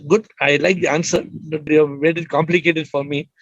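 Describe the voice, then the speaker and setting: Man, high voice, host of an online Q&A, probes and repeats questions; slightly muffled, dry sound. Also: steady tone, a little fast, a bit bright, no echo. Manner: probing, repeats questions, jokes lightly. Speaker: host of an online spiritual Q&A session. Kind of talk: questioning participants on a video call. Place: video call.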